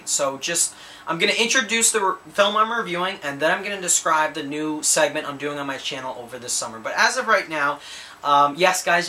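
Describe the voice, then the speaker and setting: A man hosting a casual movie review, his voice bright and forward with a slightly raised pitch. He rambles enthusiastically, restarting sentences and repeating himself as he goes. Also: a little hiss or hum. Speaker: movie reviewer, channel host.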